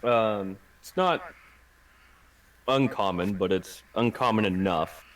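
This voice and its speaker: A man narrating as game master at a tabletop roleplaying game, halting and full of fillers. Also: on the low side. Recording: distant mic, faint hiss.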